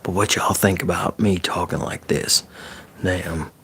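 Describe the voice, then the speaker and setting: Deep soft-spoken man, ASMR chat. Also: steady tone, measured pace, a little hiss or hum. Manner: soft-spoken, drifting into whispers, loose and profane. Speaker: ASMR streamer.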